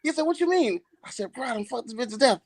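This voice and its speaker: A man's voice: very high-pitched, rapid-fire, gravelly. A man telling a long, profane story in casual podcast chat, laughing as he goes.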